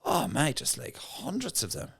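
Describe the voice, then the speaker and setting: An Irish man, a comedian guest, telling stories in a casual podcast chat with lively market-stall patter. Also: mid-range voice, normal speed, creaky, husky. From Ireland. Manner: lively yarn-spinning, slipping into loud market-stall patter.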